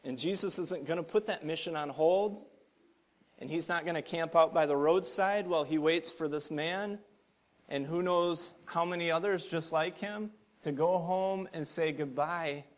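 A man preaching a sermon, earnest and conversational, building to emphatic points and dropping to soft asides. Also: fairly high pitch, moderate pace. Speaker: pastor.

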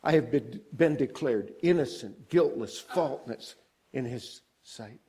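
The husky voice of an older man, speaking a little slowly, carries a sermon in which he quizzes the congregation. Key points rise high and loud before he eases down low and soft.

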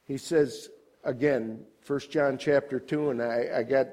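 An older man delivers a sermon at an unhurried pace. He rises high and loud on key points, then sinks low and quiet, and keeps asking the congregation questions. His voice sits at a middling pitch for a man. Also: steady tone. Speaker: preacher.

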